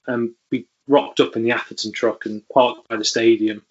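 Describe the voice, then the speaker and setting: A man's voice: medium pitch, steady tone, moderate pace, slightly rough, highs cut off. A man, a podcast guest, telling stories in a rambling way with many fillers. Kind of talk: casual storytelling interview.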